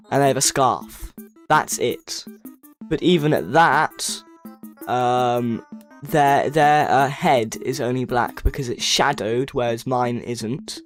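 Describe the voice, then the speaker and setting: A livestreamer chatting casually, rambling, correcting themself and reading chat messages aloud. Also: medium pitch. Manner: self-correcting, stumbles over words.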